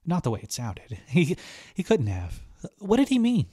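A man's voice: medium pitch, lively intonation, normal speed, mellow, no room sound, clean studio sound, voice pushed up, close to an everyday voice. A man voicing an earnest young girl stowaway, speaking in a raised, pleading voice. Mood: panicked.

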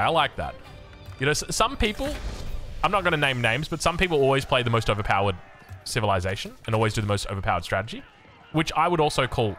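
An Australian man giving casual strategy game commentary, joking and poking fun at himself between plays. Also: mid-range voice. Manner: animated, joking, self-mocking asides. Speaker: game caster.

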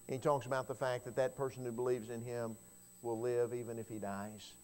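A man preaching in a church, voice of middle pitch. He tells the story with a lot of build, dropping low and quiet, then climbing to loud, ringing cries. He repeats a word or two as he gets going. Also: flat delivery, a little fast. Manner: storytelling sermon with wide swings in loudness, rising to cries; repeats words when starting a phrase. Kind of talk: sermon.

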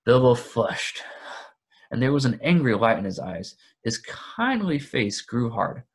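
Gravelly-voiced man reading a novel aloud. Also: medium pitch, sing-song, unhurried. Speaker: audiobook reader.

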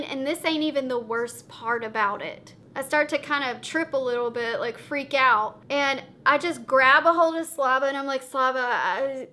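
A young woman tells a storytime vlog in a dramatic, profane way. Her voice sits high and sounds bright and sharp. She jumps between loud outbursts and quiet, confiding asides. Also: a little hiss or hum. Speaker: vlogger.

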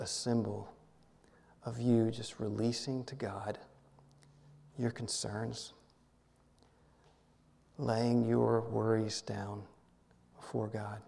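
A man serving as minister, leading a guided prayer meditation in a gentle, halting way, often repeating words and dropping to a soft hush. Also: medium pitch, creaky, breathy edge, in a large hall. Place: church sanctuary.

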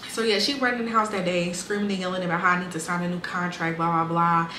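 A woman's voice: lowish voice, flat delivery, fast talker, pushed and bright. A young woman, telling her life story casually and bluntly, swearing freely and acting out what people said. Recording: echoey room with faint ambient noise.

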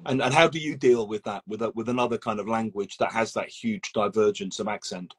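Male host of a casual live interview, husky voice, loose rambling delivery with restarts. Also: on the low side, steady tone, a little fast, poor audio. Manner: rambling, with many restarts and acted examples.

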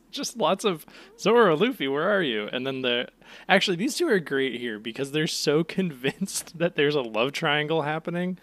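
A man's voice: on the high side, measured pace. A man co-hosting a casual podcast chat, laughing often and swearing freely. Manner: laughing, profane, animated. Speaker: podcast co-host.

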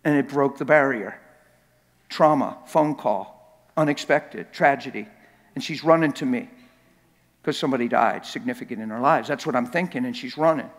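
A man preaching a sermon in a church, telling stories with lots of repetition and sometimes building up to a shout. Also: mid-range voice, normal speed, big-room sound. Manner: animated, repetitive storytelling that swells to shouting. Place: church sanctuary.

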